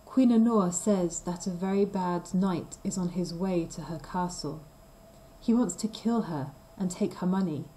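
A woman's voice: fairly low pitch, a little slow, dark tone, a little hiss or hum, lightly acted, low-quality recording. A woman reading the lines of a male messenger pleading for help in a storybook reading.

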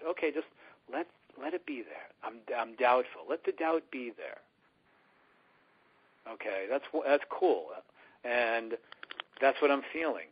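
A man's voice: medium pitch, lively intonation, measured pace, pauses often, breathy edge. A man speaking as an earnest spiritual teacher in a conversational radio interview, often acting out the inner voices he describes. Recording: dull lo-fi radio recording.

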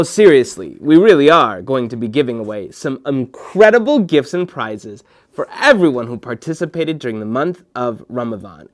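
Animated man telling kids a story. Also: mid-range voice. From Minnesota, United States. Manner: dramatic, drops into whispers for suspense. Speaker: host of a children's show.

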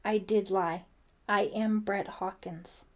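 A woman's voice: medium pitch, steady tone, slow pace, close to an everyday voice. A woman voicing a desperate young man in an audiobook, pleading and tense. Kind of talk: audiobook character voice.

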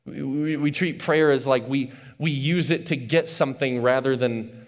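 A male pastor preaching a sermon to his church in a casual, animated way, often restarting and repeating words. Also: mid-range voice, normal speed. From not from West Michigan. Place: church auditorium.

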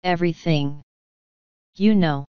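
A woman's voice: lowish voice, slow, clean tone, no room sound, lo-fi sound. A woman voicing a timid, hesitant young male king in an audiobook. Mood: unsure. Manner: hesitant, faltering.

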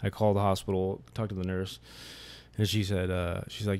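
Quick, gravelly-voiced man in his forties. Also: low-pitched, flat delivery, a little mellow. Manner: chimes in, then tells his side at length. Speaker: guest. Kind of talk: casual conversation.

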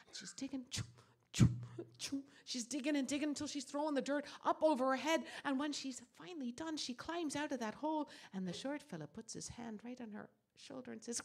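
A woman storyteller telling a folk tale in an animated, dramatic way. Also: sits high, brisk, gravelly.

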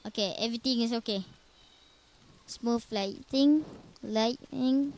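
A woman narrating her own game, speaking slowly and a little high. She sounds jumpy and nervous, muttering to herself with small grammar slips in her English. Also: slight background noise. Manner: jumpy, nervous, talks to herself while playing. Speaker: gamer. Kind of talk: casual let's-play commentary.

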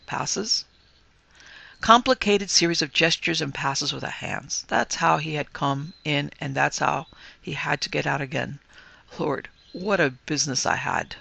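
A man reading a classic ghost story aloud as a podcast host, in a measured, firm storytelling delivery. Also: a little high, creaky, pushed and bright, no room sound. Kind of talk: scripted narration of a ghost story.

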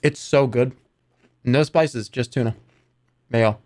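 A man in his thirties streaming games live, talking to his chat in an excitable, exasperated way, swearing and breaking into high-pitched outbursts. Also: slow. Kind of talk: live game stream commentary.

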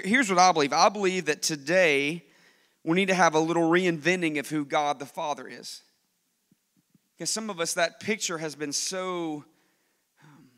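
A male pastor preaching a sermon, telling stories with lively swings between hushed and loud delivery. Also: fairly high pitch, long reverb tail. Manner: animated storytelling preacher, swings from soft to loud.

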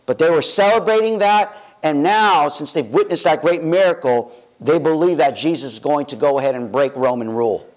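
A man's voice: fairly high pitch, poor audio. A young adult man preaching as pastor in a church, informal and chatty, with self-corrections and asides. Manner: directs volunteers in a playful way. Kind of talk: sermon. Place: church sanctuary.

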